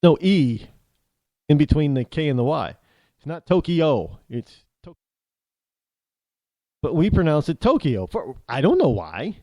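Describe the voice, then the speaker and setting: Animated American man hosting talk radio. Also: fairly high pitch, moderate pace, dry recording. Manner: rambling, with many restarts and asides. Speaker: radio talk show host. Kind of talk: opinionated talk radio monologue. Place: New England.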